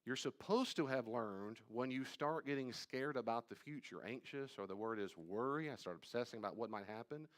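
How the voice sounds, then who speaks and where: Male pastor leading a live Bible study, mid-range voice, repeats key lines with force, then drops low and confiding. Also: normal speed, few pauses. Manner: emphatic and repetitive, swinging from loud stresses to quiet asides; conversational, addresses listeners directly.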